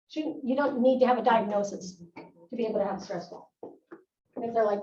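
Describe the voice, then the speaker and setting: A woman's voice: on the high side, steady tone, fairly quick, mellow, a little hiss or hum. A middle-aged woman, a nurse practitioner, giving a live talk to school staff in a chatty, wry way. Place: school room. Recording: echoey dull room recording from far off.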